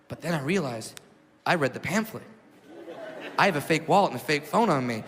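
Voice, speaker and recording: A man's voice: fairly high pitch, fairly quick, long pauses, long reverb tail. A man doing stand-up, telling a story and acting out the voices in it. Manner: animated, acts out the voices in his story. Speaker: stand-up comedian.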